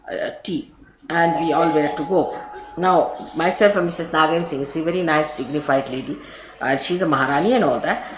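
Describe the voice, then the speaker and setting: A woman with an Indian English accent giving an informal spiritual talk, telling stories with chatty asides and laughter. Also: on the low side. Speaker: spiritual teacher. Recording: roomy archive recording with faint hiss.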